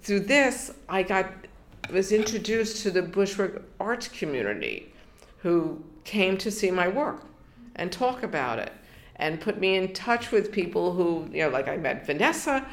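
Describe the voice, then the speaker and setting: A woman's voice: medium pitch, very animated, unhurried. An older woman from New York in an oral history interview, telling her story with many restarts and bits of quoted dialogue.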